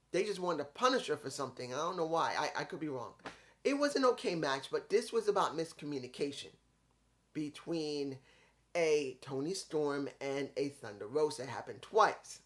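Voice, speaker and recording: A man's voice: a little high, fairly bright tone. A man in his fifties giving a casual, rambling review of a wrestling show, often correcting himself mid-sentence and admitting he could be wrong.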